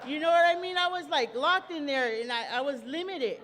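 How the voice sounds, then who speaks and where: A nervous woman giving a spoken testimony at a church service, talking in casual street slang with many halting restarts. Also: high-pitched, fairly bright tone, big-room sound.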